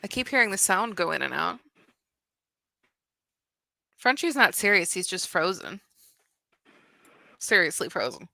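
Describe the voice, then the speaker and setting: A woman's voice: lowish voice, sing-song, unhurried, vocal fry, long pauses, pushed and bright, no room sound. A woman co-hosting a casual livestream, playful and teasing. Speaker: co-host.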